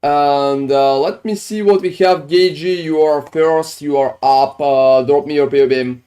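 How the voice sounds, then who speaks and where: A man's voice: on the high side, steady tone, a little slow, dark tone. A man streaming a game, chatting casually with viewers while reviewing their builds, with phrasing and frequent swearing. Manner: casual, swears often, non-native phrasing.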